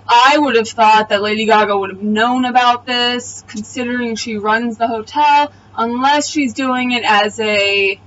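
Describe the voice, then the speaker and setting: A woman's voice: fairly high pitch, a bit bright, recorded from a distance, lo-fi sound, slight background noise. A woman giving a casual, blunt and profane spoken recap of a TV episode. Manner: blunt, profane, exasperated retelling. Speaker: TV episode reviewer. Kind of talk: casual video review recap.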